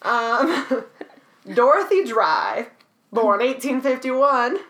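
A woman's voice: on the high side, expressive, drawn-out words, a bit bright. A woman reading out trivia in a casual chat, laughing often and swearing freely.

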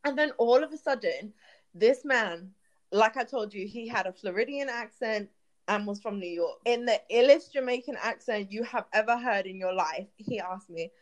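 A woman's voice: a little high, normal speed. A woman co-hosting a casual chat, telling a crude story bluntly and laughing often.

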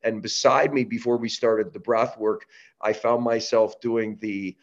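A man from Canada, a guest on an interview podcast, telling a story with restarts and lively acted-out quotes. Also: lowish voice, unhurried, dull audio. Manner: animated storyteller, many restarts, acts out quotes. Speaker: podcast guest, breath-work company founder.

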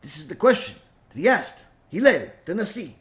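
Male teacher, high voice, lively storyteller who acts out his characters. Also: moderate pace. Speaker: Torah teacher. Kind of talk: storytelling lesson.

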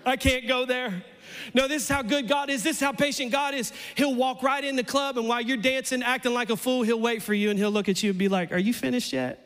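A man preaching a sermon in a church, playful and animated, his voice climbing almost to a shout as he acts out lines. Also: very high-pitched, fast, few pauses, long reverb tail. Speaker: pastor.

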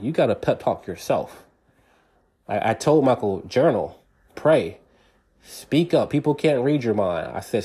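Mellow-voiced man talking earnestly. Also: lowish voice. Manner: earnest and repetitive, frequent restarts, laughs between points. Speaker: podcast host. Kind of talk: casual monologue.

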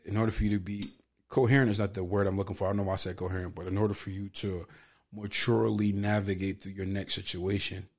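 A man's voice: low voice, little pitch movement, quick pace. A man co-hosting a casual podcast chat, talking loosely in profane, joking slang. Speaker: podcast co-host.

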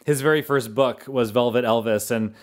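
A man's voice: medium pitch, normal speed. A man co-hosting a podcast in casual chat, playful and joking, sometimes tripping over his words. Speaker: podcast co-host.

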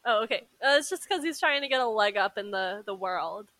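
A woman's voice: mid-range voice, animated, a little fast, fairly bright tone, dry recording. A woman co-hosting a podcast in a casual book discussion, laughing often between remarks. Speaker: podcast co-host.

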